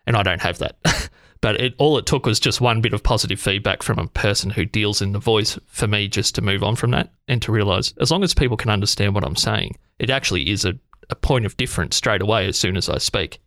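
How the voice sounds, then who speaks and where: Man, Australian accent, host, gravelly, dry close sound. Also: lowish voice, fairly quick, fairly bright tone, no room sound. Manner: enthusiastic, complimentary, chatty. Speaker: podcast host. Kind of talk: interview conversation.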